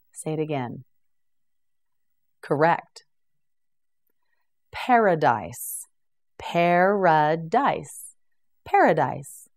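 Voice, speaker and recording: A woman teaching English vocabulary, saying each word several times and patiently prompting the learner to repeat it. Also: low-pitched. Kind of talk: slow, clear pronunciation drill.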